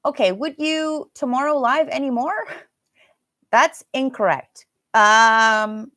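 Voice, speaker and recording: A woman's voice: sits high, takes it slowly, pushed and bright, dry recording, studio quality. A woman with an American accent teaching a live online pronunciation class, chatting and laughing as she answers viewer comments. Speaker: English teacher.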